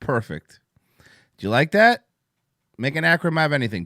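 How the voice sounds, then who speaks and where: A man rambles through a casual livestream chat, excitable and profane, wired on coffee. His pitch swings widely as he talks, and the sound is dry and close. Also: moderate pace, pauses often, no room sound. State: amped up on coffee. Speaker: podcast host.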